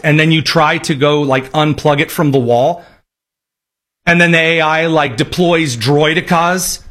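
Husky guy ranting sarcastically, bit higher voice, opinion commentary. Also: normal speed, a bit bright. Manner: sarcastic, emphatic rants. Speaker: political commentator.

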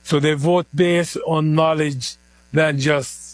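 A middle-aged man with a heavy Palestinian Arabic accent answers plainly and earnestly. His voice sits a little high for a man. The sound is dry and close. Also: steady tone, slow, no room sound. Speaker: community organizer, guest. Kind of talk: interview at an event.

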